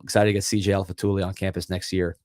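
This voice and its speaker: A man's voice: deep voice, racing, no room sound, clean studio sound. A middle-aged man hosting a live sports podcast. He chats casually and repeats words as he gathers his thoughts. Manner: relaxed, chatty, repeats words while thinking. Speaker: podcast host.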